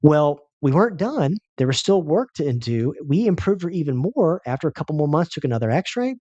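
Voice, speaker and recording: A man's voice: a little high, big pitch swings, fairly quick, warm tone, dry recording, lo-fi sound. A man giving a health seminar as a chiropractor, telling a patient's story with emphatic, repetitive phrasing.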